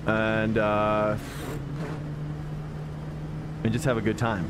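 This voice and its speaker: A man's voice: mid-range voice, fairly even intonation, a little slow, pauses often, noisy background. A man streaming sim racing, chatting casually and thinking aloud as he talks to his viewers.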